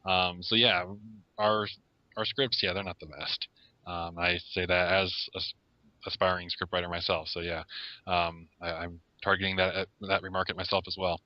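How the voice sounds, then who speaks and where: Man, podcast guest, hesitant, ums, low, bright sharp timbre, dry lo-fi recording. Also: flat delivery, moderate pace, no echo. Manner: hesitant, with many ums and self-deprecating laughs. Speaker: guest reviewer. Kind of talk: casual interview. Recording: dry lo-fi sound.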